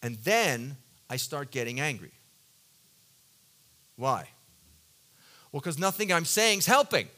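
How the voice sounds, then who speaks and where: Bright, earnest preaching man. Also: big pitch swings, slow pace, pauses often. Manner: earnest, confessional storytelling; swings between loud emphatic bursts and soft low passages. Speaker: pastor. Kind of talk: sermon.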